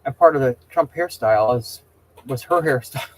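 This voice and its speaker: Chatting casually with his viewers, this middle-aged host rambles, voices strong opinions, and keeps stumbling and starting his sentences over. His mid-range voice moves a little fast, and the recording is rough.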